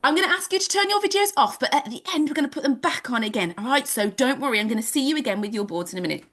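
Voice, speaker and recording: A woman's voice: sits high, animated, racing, fairly bright tone. A woman, teaching an online nature class for children over a video call in a bubbly, sing-song manner. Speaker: home education teacher.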